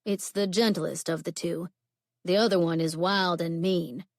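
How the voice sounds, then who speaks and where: An easygoing young cowboy who speaks in a slow, deep Southern drawl, voiced lightly by a woman reading a romance audiobook. He is heard close to the mic in a dry, quiet room. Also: steady tone, gravelly, no echo. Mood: relaxed.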